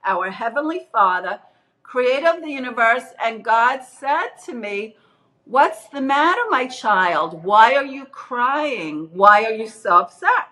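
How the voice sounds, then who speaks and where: A middle-aged woman earnestly retelling her near-death experience in casual testimony, acting out the quoted voices with big jumps in pitch. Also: sing-song, unhurried, pushed and bright, rough recording.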